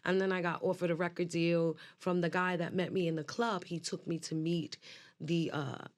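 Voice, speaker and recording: A middle-aged woman singer, a guest in a podcast studio, telling lively, chatty stories and acting out the people in them. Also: on the low side, normal speed. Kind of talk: storytelling in a podcast interview.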